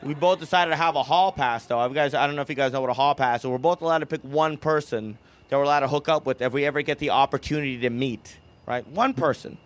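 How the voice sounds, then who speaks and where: A man's voice: medium pitch, quick pace, a little hiss or hum. A young man doing a stand-up comedy set in a club. He rambles and keeps laughing at his own jokes. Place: comedy club with live audience.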